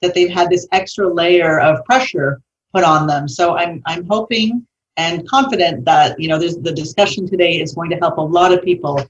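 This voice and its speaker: A woman co-hosting a podcast, talking in a relaxed, conversational way. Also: lowish voice, moderate pace. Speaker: podcast co-host. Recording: dull audio, distant from mic.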